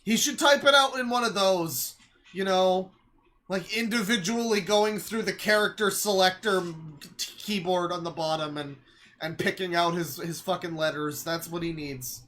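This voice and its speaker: A young adult streamer gives live reaction commentary. The voice is bright and sharp. The delivery is an exasperated rant, full of swearing and sudden shouted outbursts. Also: mid-range voice, moderate pace.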